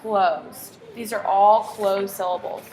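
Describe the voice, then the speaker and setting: A woman's voice: mid-range voice, takes it slowly, a little mellow, a little hiss or hum. Patient woman teacher prompting a pupil. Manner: patient, encouraging, full of prompting questions. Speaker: reading teacher. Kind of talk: one-on-one phonics tutoring.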